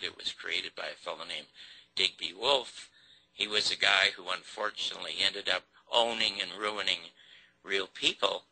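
An older man tells his story in an interview, his voice gravelly and husky. He brings a lot of feeling and acts out the dialogue he quotes. His tone is bright and cutting. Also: mid-range voice, rough recording. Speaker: TV host and producer telling his story.

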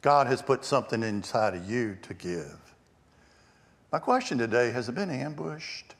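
Man, pastor, storytelling sermon, mid-range voice, hushed asides, reverberant sanctuary. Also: mid-range voice, lively intonation, moderate pace. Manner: varied emphasis, dropping to hushed asides. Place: church sanctuary. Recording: long church reverb.

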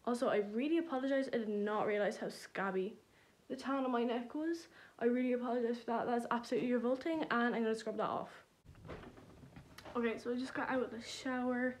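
A woman's voice: fairly high pitch, fairly even intonation, fairly quick. Chatty young woman vlogging at home. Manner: chatty, rambling, self-deprecating. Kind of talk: casual vlog chat. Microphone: phone camera.

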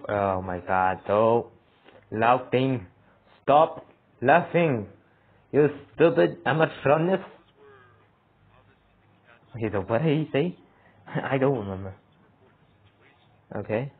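This gamer plays a horror game and talks to himself in a slightly rough, medium-pitched voice, speaking slowly with frequent pauses. Excitable, he laughs and yelps at the scares, and the phone mic gives the recording a tinny quality.

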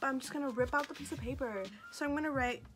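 A woman's voice: high-pitched, racing. Sassy, joking woman vlogger. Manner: sassy, joking and self-mocking. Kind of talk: casual chat to camera. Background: faint background music.

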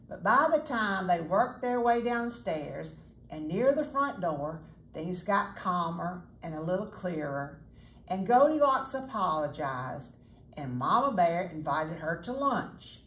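A woman's voice: lowish voice, big pitch swings, measured pace. Chatty woman reading a storybook aloud. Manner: chatty storyteller, pointing out the pictures. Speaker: children's book reader. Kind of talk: reading a picture book aloud. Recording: echoey room, faint noise.

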